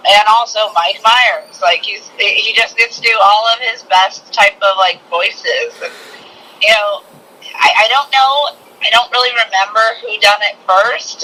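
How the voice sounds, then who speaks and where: A man co-hosting a loose podcast chat, rambling and giggling as he hunts for names he can't recall. His voice is high and very bright, with a sharp edge to it. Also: low-quality recording. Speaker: podcast co-host. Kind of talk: casual chat.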